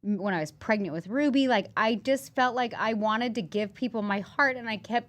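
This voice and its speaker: A woman's voice: on the high side, normal speed, hardly any pauses, a bit bright. Reflective businesswoman with a raised voice. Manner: reflective, guarded, swears casually. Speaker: business owner and boss. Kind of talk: candid podcast conversation.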